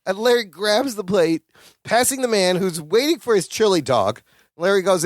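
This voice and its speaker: A podcast co-host retells a sitcom scene in a casual chat. The pitch swings widely as the host voices the characters. The sound is close and dry. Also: moderate pace, no echo. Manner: expressive storytelling with sighs of sympathy and laughter.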